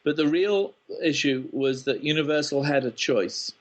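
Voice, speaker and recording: A man's voice: on the high side, lively intonation, moderate pace. A man, a screenwriter, answering interview questions thoughtfully with ums and restarts. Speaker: guest, screenwriter.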